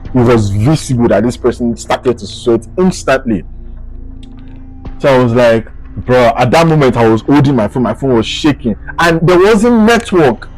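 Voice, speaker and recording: A man's voice: mid-range voice, moderate pace, soft background music, low-quality recording. Nigerian man telling a story. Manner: animated, swings between hushed and excited retelling. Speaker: vlogger. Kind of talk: casual storytelling to camera.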